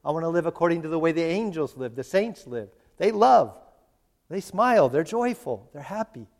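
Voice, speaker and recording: A man's voice: a little high, expressive, normal speed, vocal fry, a little mellow. Earnest preacher man in a reverberant hall. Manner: earnest, pleading, voices God and Jesus in quotes. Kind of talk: sermon.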